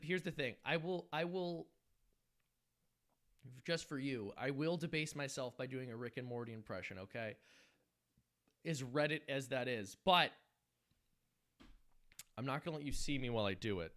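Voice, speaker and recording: Guy hosting a stream, bright sharp voice, chats loosely and reads comments. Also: medium pitch, moderate pace, pauses often. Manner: rambling, reads chat aloud, laughs easily. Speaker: animation studio head hosting a livestream. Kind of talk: casual livestream chat.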